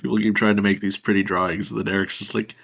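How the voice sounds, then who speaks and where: A man playing in a tabletop game over voice chat, relaxed and joking. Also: on the low side, quick pace, creaky. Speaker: player.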